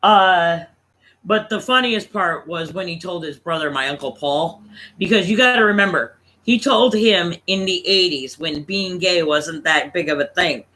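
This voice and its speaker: A man's voice: high voice, moderate pace, bright, forceful tone, rough recording. A man in his thirties, telling a casual, profane family story to his stream audience. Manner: profane, laughing anecdote-teller.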